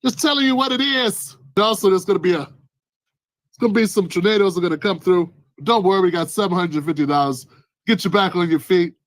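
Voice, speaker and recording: A man's voice: high-pitched, fairly quick, natural voice. A man acting out a condescending male home invader who pretends to be a helper, in a mock-soothing tone. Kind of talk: acted-out skit in a commentary vlog.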